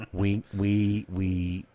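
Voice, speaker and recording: A man's voice: fairly low pitch, background noise. A man co-hosting a podcast, telling a wild work story in casual chat, profane and laughing as it builds. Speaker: podcast co-host.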